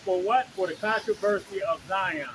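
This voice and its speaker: A man's voice: high voice, moderate pace, noisy background. A man preaching on the street, blunt and profane, pressing his points with repeated "okay?" and "you know?".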